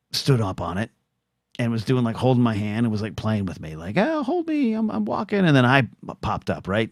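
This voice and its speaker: A man's voice: lowish voice, dry recording, clean studio sound. A middle-aged man hosting a solo podcast, rambling and self-deprecating, stumbling over restarts and acting out quoted voices. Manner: acts out quoted voices in short bursts.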